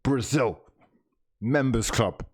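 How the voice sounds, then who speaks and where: A man's voice: mid-range voice, slow pace, slightly rough, dry recording, clean studio sound. A man hosting a live stream, reading viewer comments aloud in a playful, mock-grand way.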